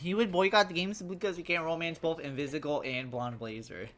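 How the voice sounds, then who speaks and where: A woman's voice: low voice, brisk, a bit bright. A young woman streaming a game live, chatting loosely with viewers, cursing often and calling everyone bro. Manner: loose, profane and jokey, addressing chat as bro. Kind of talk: casual live-stream chat.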